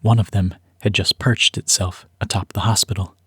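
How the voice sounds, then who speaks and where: A man narrating a story script in a measured, even storytelling manner. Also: lowish voice, breathy edge, no echo, studio quality.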